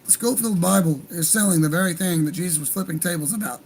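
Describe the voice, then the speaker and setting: A man's voice: high voice, fast talker, slight background noise, rough recording. A man hosting a livestream, talking in a heated, profane, rambling rant. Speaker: livestream host.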